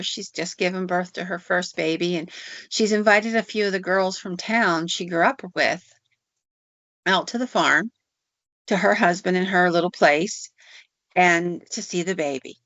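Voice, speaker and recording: A woman hosting a podcast who tells folk tales in a folksy, conversational way. Her voice is low and gravelly. The recording sounds dry and a bit dull. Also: a bit bright, dry recording. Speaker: podcast host. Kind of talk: folklore storytelling. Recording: dull lo-fi audio.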